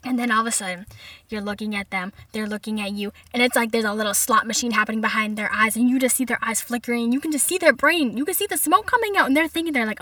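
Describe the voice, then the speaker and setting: A woman's voice: a little high, fast, no echo, recorded from a distance. A woman in her twenties telling comic stories and trying out stand-up bits in a chatty, slangy way. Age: 20s. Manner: chatty, animated, full of "like" and slang. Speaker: comedic vlogger. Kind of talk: comedic storytelling and practice stand-up.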